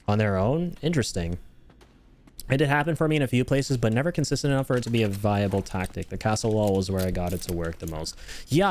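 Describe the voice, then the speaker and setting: A man's voice: medium pitch, darkish tone. A man streaming a game, chatting casually with jokes and mock-serious asides, rambling and restarting his sentences. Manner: joking, ironic, rambling with restarts. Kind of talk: casual gameplay commentary.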